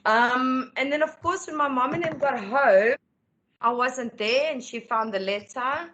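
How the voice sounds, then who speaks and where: Woman telling her own story on a chat show, candid, gets lively acting out conversations. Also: high voice, a little slow. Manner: candid, animated when acting out dialogue. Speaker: interview guest. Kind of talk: personal storytelling.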